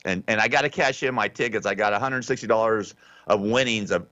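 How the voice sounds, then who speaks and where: A man's voice: lowish voice, fairly bright tone, clean tone, no room sound, lo-fi sound. A man hosting a talk radio show, rambling through the day's stories in an offhand, sarcastic way with many restarts. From Southern California. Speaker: radio host. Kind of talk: casual talk radio monologue.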